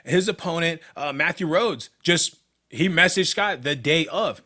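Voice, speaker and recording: Young dude ranting on a podcast, bright kinda high voice, swears a lot, blunt. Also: male voice, expressive, a little slow. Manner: blunt, profane, worked-up ranting. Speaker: podcast co-host, MMA fighter. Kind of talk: casual podcast chat.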